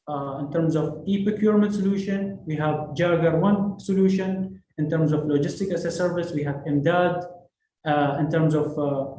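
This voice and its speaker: Man, conference presenter, somewhat high, dark tone, list-like delivery with fillers; echoey hall. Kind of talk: business presentation. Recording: echoey room, faint noise.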